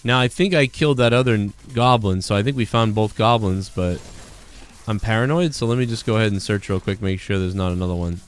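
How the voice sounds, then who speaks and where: A man's voice: on the low side, fairly quick, smooth, faint music behind. Rambling man streaming a game. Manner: rambling, heated retelling of an argument. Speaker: gaming streamer. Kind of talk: casual live-stream chat while gaming.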